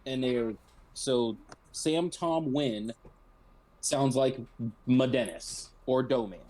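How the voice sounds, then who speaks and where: A man's voice: medium pitch, takes it slowly, darkish tone. A man on a casual podcast, joining in with sarcastic, laughing banter. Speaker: podcast co-host. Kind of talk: casual chat.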